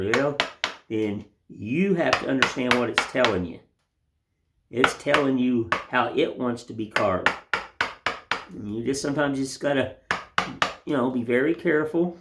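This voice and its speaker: A man's voice: medium pitch, a little slow, long pauses, very noisy. An older man giving a casual, rambling woodcarving lesson in a folksy, self-deprecating way. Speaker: woodcarving instructor. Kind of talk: casual hands-on demonstration.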